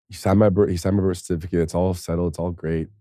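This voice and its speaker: Man, very low voice, mellow tone, dry close sound, candid profane storytelling, tearful. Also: flat delivery, a little fast, no echo. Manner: candid and profane, with laughs and soft, choked passages. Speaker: podcast guest, former pro football player. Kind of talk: emotional personal storytelling.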